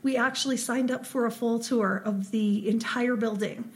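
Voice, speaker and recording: A woman from Ohio co-hosting a casual podcast, her voice sitting a little high. She tells her stories at length, loose and full of ums. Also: fairly even intonation, moderate pace. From Ohio, USA. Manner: chatty storyteller with frequent ums and laughs. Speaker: podcast co-host. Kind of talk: casual chat.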